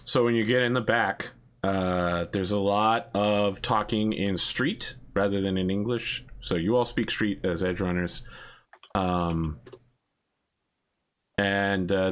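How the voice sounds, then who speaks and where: A man with a lowish voice runs a tabletop game, narrating scenes in a relaxed, unhurried way with plenty of ums. He chuckles along as he describes what the players see. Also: clear, resonant tone. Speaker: game master.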